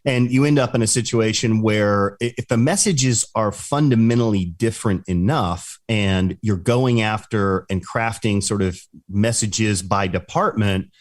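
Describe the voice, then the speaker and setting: A man's voice: lowish voice, unhurried, few pauses, no room sound, studio quality. A man co-hosting a business talk show, explaining points fluently and checking in with "right?". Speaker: podcast co-host.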